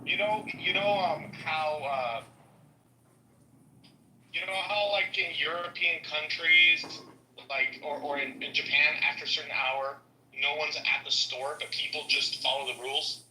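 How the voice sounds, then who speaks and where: Sharp-toned man telling rambling stories. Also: a little high, steady tone, a little hiss or hum. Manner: rambling, halting storyteller. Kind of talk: casual chat. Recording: echoey room.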